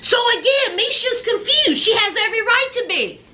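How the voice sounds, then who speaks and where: A woman giving sassy, animated commentary on a reality show from home, laughing often as she talks. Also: extremely high pitch, moderate pace. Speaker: reaction vlogger.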